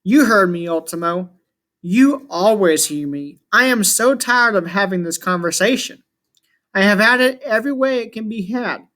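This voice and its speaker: A man's voice: high-pitched, expressive, moderate pace, pushed and bright. Man reading as a grumbling ancient chaos god. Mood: scornful. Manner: grumbling, contemptuous, grandiose. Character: ancient scornful male chaos god in shulker shell.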